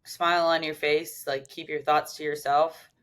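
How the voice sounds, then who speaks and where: A woman's voice: sits low, little pitch movement, normal speed, fairly bright tone. A woman in her twenties cohosting a podcast, chatting candidly with many "like" fillers. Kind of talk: casual chat.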